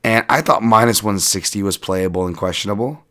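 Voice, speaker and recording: A man hosting a solo podcast, breaking down fights in a casual, animated way, swearing and laughing as he rambles through asides. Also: lowish voice, brisk. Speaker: podcast host and fight analyst.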